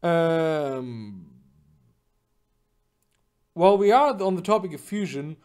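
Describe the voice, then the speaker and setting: A young man talks loosely through viewer questions on his stream, his pitch rising and falling a lot as he goes. He rambles, restarts his sentences, fills gaps with "uh" and "like", and swears freely. His voice sits a little above the usual for a man. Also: lively intonation, slow pace, long pauses, darkish tone, clean tone. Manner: rambling, profane, with many fillers and restarts. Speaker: streamer answering chat. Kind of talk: casual livestream chat.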